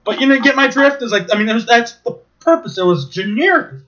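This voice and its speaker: A high-pitched man with a bright, forceful voice tells rambling stories full of swearing and restarts. He talks casually and with animation, and his voice comes through a dull, lo-fi recording. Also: brisk. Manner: rambling, profane, animated storytelling. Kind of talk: casual chat.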